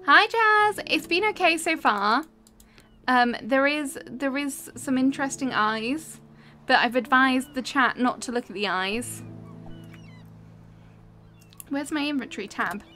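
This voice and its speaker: A woman's voice: sits high, lively intonation, unhurried, long pauses, pushed and bright, slight background noise. A woman live-streaming a cozy game, giggly and chatty as she talks to her chat.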